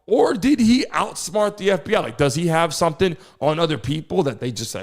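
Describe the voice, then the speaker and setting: Excitable high-voiced male sports host. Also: normal speed, hardly any pauses. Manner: excitable, casual, rhetorical questions to chat. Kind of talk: live sports news talk.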